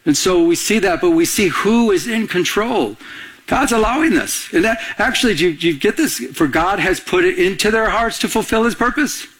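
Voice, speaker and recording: A man's voice: high-pitched, a bit bright. A middle-aged man preaching a sermon, telling a personal story and acting out both sides of the conversations. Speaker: pastor.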